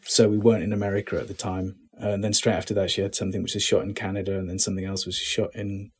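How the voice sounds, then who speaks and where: A middle-aged British man, an actor, talking casually in an interview, relaxed and self-deprecating with many restarts. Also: on the low side, very fast, breathy edge. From Britain.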